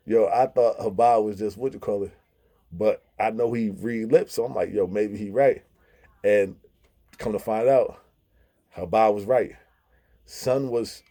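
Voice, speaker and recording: Dude laughing thru prison stories, mellow low-key tone, does little voices for ppl. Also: male voice. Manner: animated, laughing, mimics others' voices in quotes. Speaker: vlogger telling prison stories. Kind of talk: casual storytelling.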